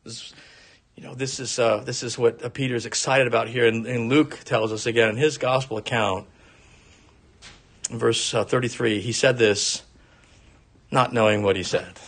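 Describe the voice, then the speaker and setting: A man's voice: mid-range voice, steady tone, moderate pace, long pauses, a bit bright. A man preaching an earnest expository sermon from the pulpit as a pastor.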